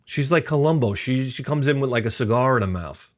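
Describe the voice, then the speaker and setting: A man's voice: mid-range voice, fairly quick. Profane rambling middle-aged man. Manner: profane, animated, acts out quotes in other voices. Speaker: channel host. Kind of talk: rambling comedic storytelling.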